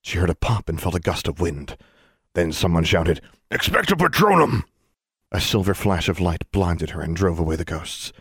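Man, audiobook narration, deep voice, husky tone, dry close sound, steady measured reading. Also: dry recording. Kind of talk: scripted narration.

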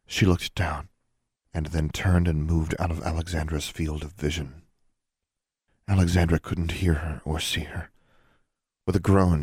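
A man with a deep, husky voice reads a fantasy audiobook in a steady, measured way. The recording is dry and close, with no room sound around him. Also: no echo. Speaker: narrator. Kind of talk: audiobook narration.

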